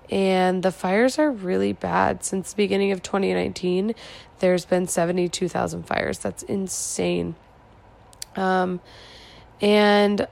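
A woman's voice: fairly low pitch, vocal fry, darkish tone. A tired young woman vlogger chatting casually late at night, musing and rambling with lots of "like". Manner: rambling, musing, heavy filler "like". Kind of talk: casual chat.

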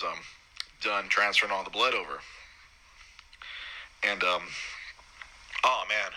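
A man with a low, bright, forceful voice tells a personal story in a loose, halting way. He is choked up and keeps restarting his sentences. When he quotes himself, his voice jumps up high. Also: rough recording. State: choked up, holding back tears. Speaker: new father recounting his son's birth. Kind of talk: casual emotional storytelling.

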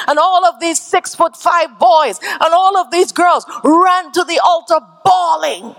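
A woman pastor preaches with a high, ringing voice. She drives her points home through repetition and rises into shouted climaxes. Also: measured pace, few pauses. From Canada. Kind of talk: sermon.

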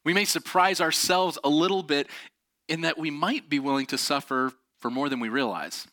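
A man giving a motivational talk, telling personal stories in an animated, earnest way and laughing often. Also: fairly high pitch, normal speed, no room sound, studio quality. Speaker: speaker.

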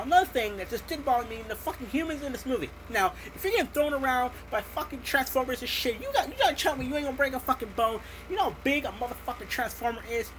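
A woman's voice: on the high side, a bit bright, a little hiss or hum. A woman delivering a heated, sarcastic, heavily profane movie rant on her audio show, with many restarts.

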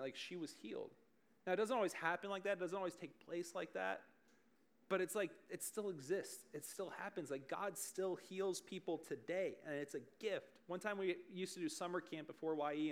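Man, 30s, youth-style preacher with a slightly high voice, casual and chatty, animated storyteller. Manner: animated and chatty, full of "like" and restarts, laughing at his own stories. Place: church service in front of a group.

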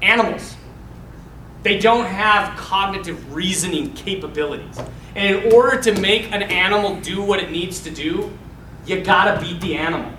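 A man's voice: sits high, moderate pace, pushed and bright, roomy sound, slight background noise, rough recording. A man, a Catholic priest, telling casual stories with frequent laughs, jokes and side stories. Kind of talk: casual storytelling to listeners.

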